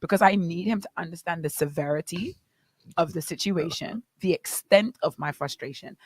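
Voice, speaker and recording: Young woman, Bahamian accent, radio co-host, animated storytelling, dry studio sound. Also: on the low side, normal speed, husky, dry recording. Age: young adult. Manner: animated storytelling, preacherly asides to listeners. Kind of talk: casual morning radio chat.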